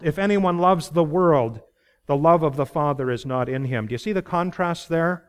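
A man's voice, pitched a little high for a man, delivering a sermon with earnest conviction. He stresses key phrases, puts questions to his listeners and laughs lightly between points. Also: normal speed, clear, resonant tone. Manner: earnest preaching, rising emphasis on key phrases, asks the congregation questions. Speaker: pastor.

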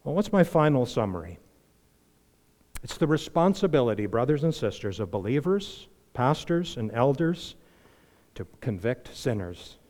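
A man preaching a sermon as pastor, impassioned, swinging between loud emphasis and hushed earnestness. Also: mid-range voice, big pitch swings, moderate pace. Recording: long reverb of a large hall.

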